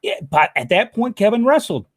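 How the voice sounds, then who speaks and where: High-pitched and brisk, with big swings in pitch, a man chats on a casual podcast he co-hosts, rambling in a folksy way and laughing a lot. It's a dry recording.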